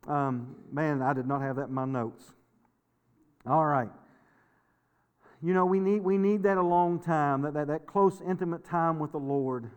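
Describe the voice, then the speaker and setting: A man's voice: a little high, a little slow, pauses often, smooth, muffled recording. A middle-aged male pastor preaching a sermon in a folksy, storytelling way, repeating words and laughing often. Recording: long hall reverb.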